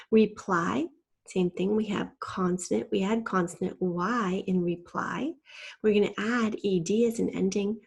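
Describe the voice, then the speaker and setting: A woman's voice: mid-range voice, vocal fry, darkish tone, breathy edge. A woman teacher giving a patient, step-by-step spelling lesson and spelling out letters from a shared document.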